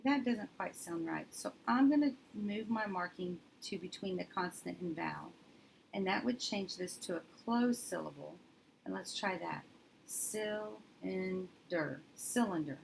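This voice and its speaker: A woman teacher demonstrating step by step in a steady, methodical way, thinking aloud as she works. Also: lowish voice, moderate pace, gravelly, rough recording. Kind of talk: instructional demonstration. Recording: faint background noise.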